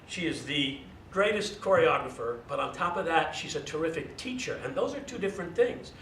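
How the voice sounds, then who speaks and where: A man's voice: animated, fairly quick, fairly bright tone. A man who directs theater, giving an encouraging but demanding welcome address to young performers. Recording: roomy, distant mic, faint rumble.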